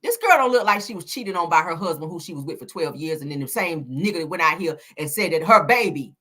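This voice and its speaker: Sassy, animated woman gossip host. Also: deep voice, quick pace. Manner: sassy and emphatic, full of "honey" and "child". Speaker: celebrity gossip commentator. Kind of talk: casual commentary vlog.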